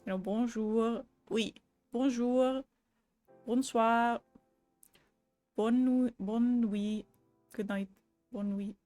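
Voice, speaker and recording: A woman's voice: fairly high pitch, fairly even intonation, very slow, long pauses, dark tone, no echo, faint music behind. Laughing, language-hopping woman streamer. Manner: laughs often, swears casually, switches between languages. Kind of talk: casual live-stream chat.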